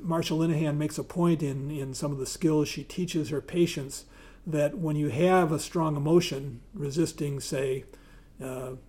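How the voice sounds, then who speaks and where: Husky man giving a talk. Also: fairly high pitch, warm tone. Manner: reads aloud, then speaks with hesitations and fillers; clears his throat often. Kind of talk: talk with reading aloud.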